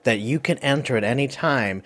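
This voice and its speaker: A man with a middle-pitched voice hosts a casual movie review game. He rambles and fills his talk with "like" and "um" as he scores the guests. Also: fairly bright tone. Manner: rambling, lots of fillers and quick asides. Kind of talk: casual chat.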